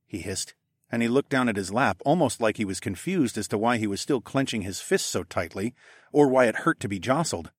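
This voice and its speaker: A man narrating a first-person novel, measured and steady. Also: fairly low pitch, slightly rough, no echo, studio quality. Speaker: audiobook narrator.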